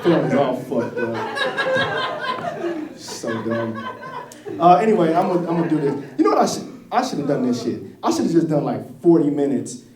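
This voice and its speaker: A man's voice: a little high, sing-song, brisk. A man doing a stand-up set in a comedy club, profane and laughing at his own jokes. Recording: echoey room from far off, crowd.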